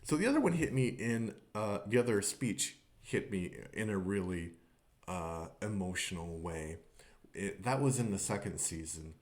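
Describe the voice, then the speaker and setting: A man's voice: on the low side, animated, normal speed, a little mellow. A man talking casually in a podcast review, rambling with many fillers and restarts. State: tearful at times.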